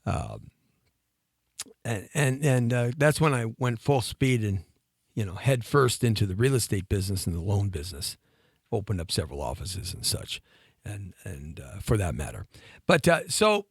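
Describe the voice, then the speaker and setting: Animated middle-aged male storyteller, dry studio sound. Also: on the low side, moderate pace, creaky, breathy edge, no room sound. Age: 50s. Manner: animated anecdotal storyteller with laughs and restarts. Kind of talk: storytelling on a talk show.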